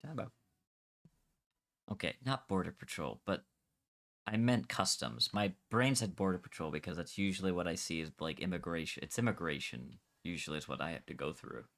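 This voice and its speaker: A man's voice: deep voice, fairly quick. A young Scottish man chatting casually while gaming, arguing his point with energy and some swearing. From Scotland. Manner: animated, argumentative, swears freely. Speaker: Minecraft server streamer.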